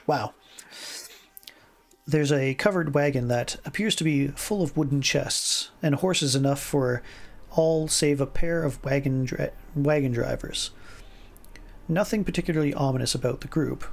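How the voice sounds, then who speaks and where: A man streaming himself reading an interactive fiction game aloud, often stumbling and rereading words, with asides of his own. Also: a little high. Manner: stumbles and rereads words, chuckles, puts on voices for lines.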